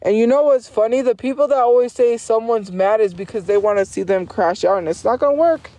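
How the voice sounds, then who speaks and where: A woman's voice: on the high side, brisk, dark tone, no echo. A woman livestreamer ranting at her chat in a profane, insistent and defiant way, repeating her points over and over.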